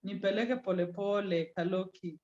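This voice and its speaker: A woman teaching a class online, slowing down to stress key terms and teasing students by name. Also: medium pitch, fairly even intonation, darkish tone. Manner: code-switches into Swahili, teasing students by name. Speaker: communication skills lecturer. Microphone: video call. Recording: lo-fi video call audio.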